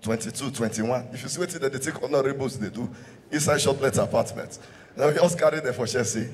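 A man's voice: medium pitch, fast, a little hiss or hum. A man with a Nigerian accent performing live stand-up comedy, switching between English and Pidgin and laughing at his own jokes. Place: live show venue in a hall. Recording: hall reverb from a live stage mic.

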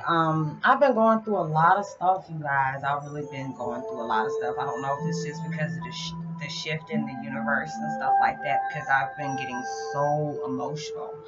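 A woman talking casually and confidingly to her channel about spiritual matters, in a rambling, heartfelt way. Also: sits low. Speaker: vlogger. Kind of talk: casual spiritual vlog talk. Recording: slightly dull lo-fi sound with music behind. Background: music.

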